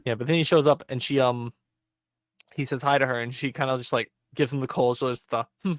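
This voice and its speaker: A man's voice: mid-range voice, fairly quick. A young man casually recapping an episode on a podcast, acting out the characters' lines with lots of fillers. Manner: animated storytelling, acting out characters' lines with many "um" and "like". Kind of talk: casual chat.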